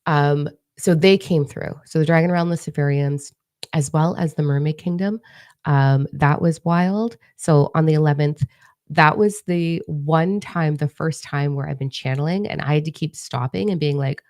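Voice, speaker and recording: A woman's voice: low voice, normal speed, a little mellow, no echo, clean studio sound. A woman hosting a casual livestream as a spiritual channeler, chatty and rambling with a slight lisp, still recovering her voice. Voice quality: slight lisp from new braces. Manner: chatty, rambling, with many fillers. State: recovering voice after lung trouble. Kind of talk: casual live-stream chat.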